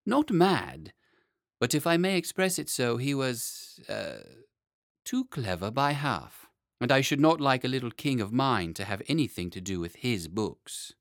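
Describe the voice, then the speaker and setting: A man's voice: medium pitch, big pitch swings, normal speed, a bit bright, no room sound, clean studio sound, voice pushed up. A man voicing a cautious, deferential prime minister who hesitates. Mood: hesitant. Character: fussy, cautious older male prime minister.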